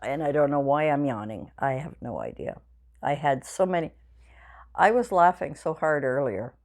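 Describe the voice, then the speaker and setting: In her home craft room, a craft-channel vlogger in her 60s chats casually with her viewers. Her voice is low, tired and yawning yet animated at a moderate pace, and she rambles through her stories with plenty of fillers.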